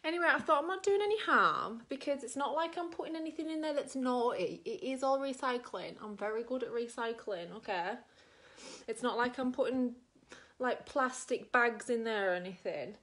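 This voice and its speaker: A woman's voice: on the high side, expressive, normal speed, a bit bright. A middle-aged woman with an Australian accent, doing her makeup on camera and telling a long rambling story full of fillers. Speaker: makeup vlogger.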